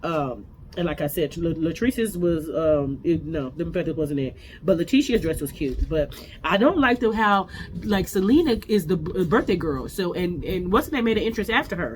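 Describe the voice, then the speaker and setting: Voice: mid-range voice, a little hiss or hum. Chatty, opinionated recap host. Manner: rambling, opinionated, chatty with frequent restarts. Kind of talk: casual reality TV recap.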